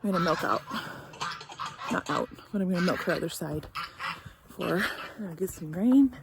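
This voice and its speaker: A woman's voice: on the low side, lively intonation, normal speed, gravelly, noisy background. A young woman vlogging from her barn, talking casually to the camera and her cow, emotional and tearful at times. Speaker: homesteader vlogger. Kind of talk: casual vlog talk to camera.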